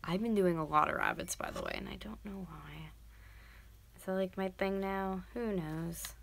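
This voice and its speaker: A woman's voice: lowish voice, normal speed, creaky, slight background noise. A woman in her twenties chatting casually to viewers while she sculpts, rambling and dropping into whispers as she works. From North America. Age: 20s. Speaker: YouTuber.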